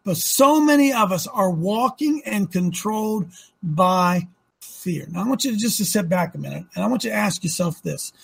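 Male host preaching, high and raspy, emphatic, swings from loud to hushed. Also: expressive, moderate pace. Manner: emphatic, rhetorical questions, swings loud to soft. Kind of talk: preaching on a talk show.

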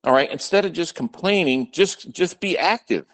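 A man joining a talk show as a guest, with a lively, rising and falling voice. He speaks earnestly and pauses with fillers as he works out his points. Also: a little high. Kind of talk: casual chat.

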